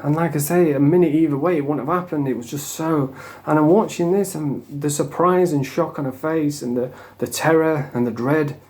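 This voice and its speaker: A man's voice: fairly high pitch, steady tone, moderate pace, darkish tone. A man with a Northern English accent telling a rambling, sweary, emotional story in a casual vlog, while coming off drugs. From England. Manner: rambling, sweary and emotional, with frequent "you know what I mean". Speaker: vlogger.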